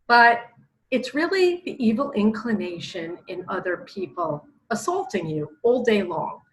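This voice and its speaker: Woman spiritual teacher, casual talk, expressive and lively. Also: mid-range voice, measured pace, a little hiss or hum, poor audio. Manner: animated, expressive storytelling.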